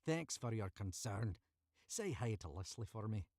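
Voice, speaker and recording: A man voicing a gruff, reclusive male lighthouse keeper in a growling Scottish accent, recorded in a cramped booth. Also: fairly low pitch, big pitch swings, unhurried, darkish tone, no room sound, studio quality, heavily acted. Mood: curt. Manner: curt, rough-spoken.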